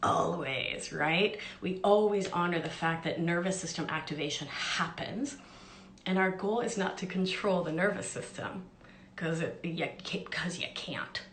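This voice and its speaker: A woman's voice: fairly low pitch, unhurried, a bit bright. A woman life coach and podcast host, chatting casually on a live stream with upbeat, self-deprecating asides. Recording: echoey room with faint background noise.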